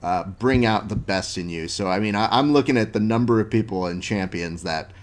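A man's voice: lowish voice, brisk. Laid-back slangy male podcast host. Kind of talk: casual interview chat.

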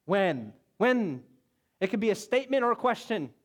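A male pastor preaches with a lively, storytelling delivery, acting out the voices of biblical figures as he goes. His voice sits fairly high for a man. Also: rapid-fire. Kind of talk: sermon.

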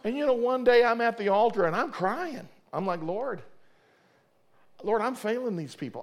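A man's voice: high-pitched, animated, normal speed. A middle-aged man, a pastor preaching a sermon fervently, often repeating and restarting his words.

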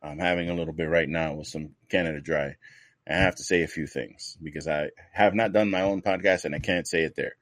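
Deep-voiced profane New podcast host. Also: male voice, expressive, normal speed, no echo. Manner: loose, profane, rambling banter. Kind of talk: casual podcast chat.

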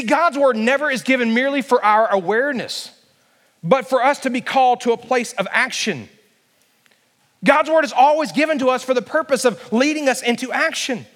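A man's voice: very high-pitched, fairly bright tone, big-room sound. A male pastor preaching a sermon emphatically, building to passionate peaks.

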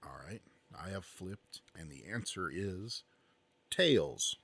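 A man co-hosts a podcast, dropping dry, sarcastic asides in loose banter. His voice sits very low and has a husky grain. The sound is close and dry. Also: lively intonation, takes it slowly, a bit bright, no room sound. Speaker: podcast co-host. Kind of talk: casual banter.

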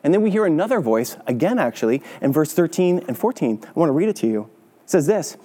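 A man's voice: fairly high pitch, sing-song, quick pace, dark tone, big-room sound. A male pastor preaching a sermon in a conversational way, often checking in with "right?". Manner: conversational, with frequent "right?" tag questions. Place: church sanctuary.

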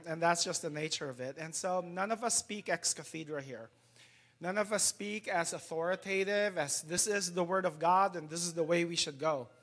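Middle-aged male pastor, slightly high voice, relaxed halting sermon delivery, lingering cough. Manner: conversational, hesitant with fillers. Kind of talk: casual sermon.

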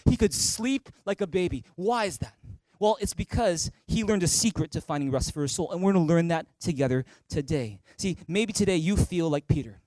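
A male pastor delivers a sermon from a church stage in a fairly high voice. His sound is dry and close, with little room around it. He builds to emphatic peaks and keeps putting questions straight to the listeners. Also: lively intonation, a little fast, a little mellow, no room sound. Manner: direct, asks the listeners questions.

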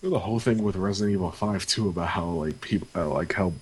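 A man's voice: low-pitched, fast talker, slightly rough, rough recording. A man co-hosting a podcast, making dry, wry remarks in casual chat. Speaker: podcast co-host.

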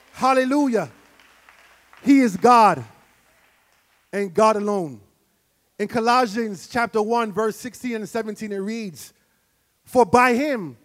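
A man with a high voice preaches a sermon in a church. He moves from quiet, measured teaching to shouted, fervent prayer. A long reverb from the hall trails after his words. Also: lively intonation.

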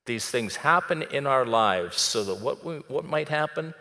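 A pastor with a bright, ringing tone preaches a sermon in church. He tells the story with energy and acts out each character as he goes. Long church-hall reverb trails behind his voice. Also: mid-range voice, animated, normal speed.

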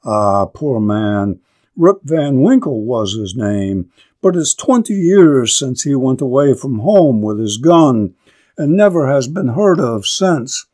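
A man's voice: medium pitch, very animated, slow, darkish tone. A man voicing a plain-spoken young mother. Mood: wistful.

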